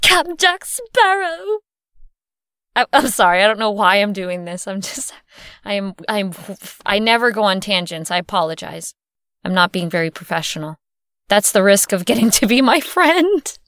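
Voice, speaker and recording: A woman's voice: mid-range voice, animated, normal speed, fairly bright tone, no echo, clean studio sound. A woman chatting casually between takes, giggly and rambling. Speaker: audio drama cast member.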